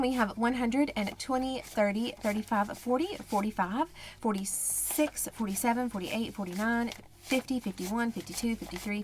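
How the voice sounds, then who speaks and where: A woman budgeting vlogger chatting casually and counting cash in a quiet, murmured voice. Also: fairly high pitch. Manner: chatty, counts money under her breath.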